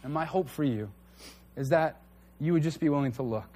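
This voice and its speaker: A man's voice: a little high, a little fast, warm tone. A man preaching a conversational sermon to a church congregation, earnest and candid. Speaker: pastor.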